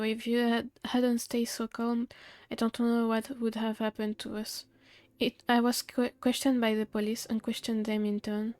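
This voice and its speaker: Woman, streamer, reading game dialogue aloud, flat delivery, dry close sound. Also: on the high side, dry recording.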